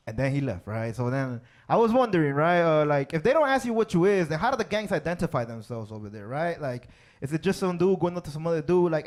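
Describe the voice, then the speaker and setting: A man's voice: fairly high pitch, very animated, fast talker, darkish tone. A male stand-up comedian from Chicago, telling stories on a club stage and tagging his lines with "right?" and "man". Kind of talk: stand-up set.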